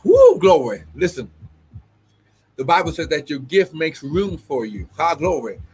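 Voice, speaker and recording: Fervent high-voiced man prophesying. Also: animated, unhurried, husky. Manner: fervent, breaks into shouts and tongues; constant exclamations of "glory". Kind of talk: live-streamed prophetic ministry.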